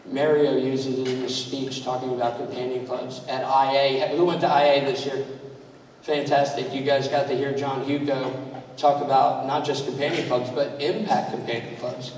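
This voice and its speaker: A man giving a conversational, anecdotal speech to an audience in a large room, telling stories and quizzing the crowd. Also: medium pitch. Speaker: speaker at a club training event. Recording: echoey hall, mic far off, faint noise.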